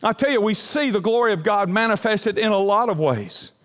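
An older man preaching a sermon in a church, telling stories earnestly, rising and then dropping to a hush. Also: sits high, animated, brisk, big-room sound. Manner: earnest storytelling, swells up then drops to a hush. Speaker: pastor. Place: church sanctuary.

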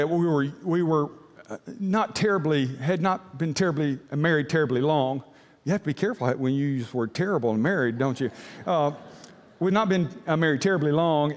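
A male pastor telling a personal story in a folksy sermon, often dropping to a hushed voice. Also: fairly high pitch. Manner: folksy, with dramatic drops to a hush. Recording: long hall reverb.

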